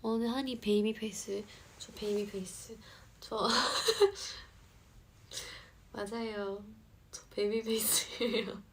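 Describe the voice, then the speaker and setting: A woman's voice: a little high, steady tone, rapid-fire, long pauses. A young woman whose first language is English, chatting casually on a phone live stream and answering viewer comments as she reads them aloud.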